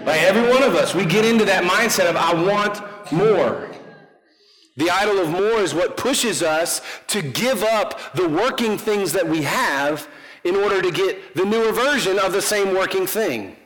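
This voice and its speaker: A man's voice: high voice, lively intonation, normal speed, a bit bright. A man preaching a conversational sermon as pastor, joking about himself and throwing questions to the congregation. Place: church sanctuary. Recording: long hall reverb.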